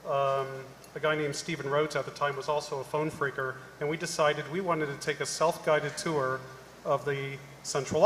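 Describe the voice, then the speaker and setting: A middle-aged man on a conference panel, telling an animated story and acting out the people in it. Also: on the high side, slight background noise. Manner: animated anecdote-telling, acting out quoted voices. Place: large conference hall. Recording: echoey hall, live panel mic.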